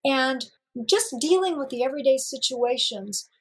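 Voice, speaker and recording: High-voiced, husky woman telling her story. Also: normal speed, poor audio. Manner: lively storyteller who acts out dialogue with laughter. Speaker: interview guest. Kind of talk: personal storytelling in an interview.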